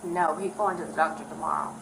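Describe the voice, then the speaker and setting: Older woman with a deep gravelly voice. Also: steady tone, quick pace. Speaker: wife of the suspect. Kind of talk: answering police. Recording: noisy body camera audio.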